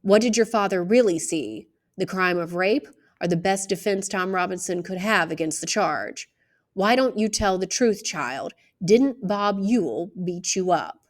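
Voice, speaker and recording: A woman reading aloud, voicing a calm older male lawyer who asks measured, probing questions. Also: mid-range voice, natural voice.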